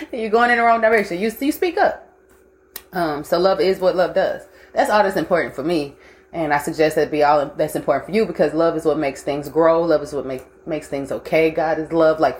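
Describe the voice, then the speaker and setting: A woman's voice: low-pitched, darkish tone. A young woman hosting a casual livestream, blunt and profane, mixing life lessons with frequent laughter. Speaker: host.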